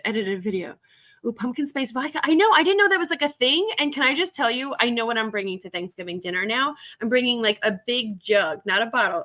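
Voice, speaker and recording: A woman's voice: on the high side, a bit bright. A woman hosting a casual live stream while she works through resale stock, chatting and giggling with her viewers. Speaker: resale livestream host.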